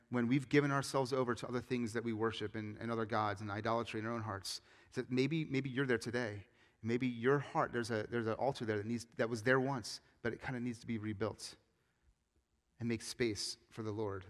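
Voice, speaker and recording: A man preaching a sermon as a pastor, moving between loud emphatic scripture reading and quiet earnest appeals. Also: medium pitch, steady tone, brisk. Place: church sanctuary. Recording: long reverb of a church hall.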